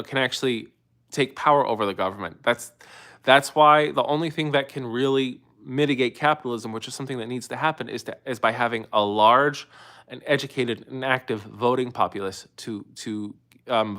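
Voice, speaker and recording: Bright-voiced man hosting a livestream. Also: medium pitch. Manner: talkative, rambling with restarts. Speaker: livestream host. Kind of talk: casual live-stream talk answering chat.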